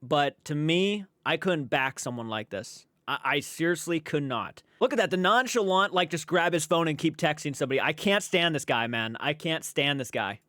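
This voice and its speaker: A man's voice: on the high side, animated, moderate pace, few pauses, a bit bright, no room sound, clean studio sound. A man giving casual, blunt reaction commentary, exasperated and swearing freely.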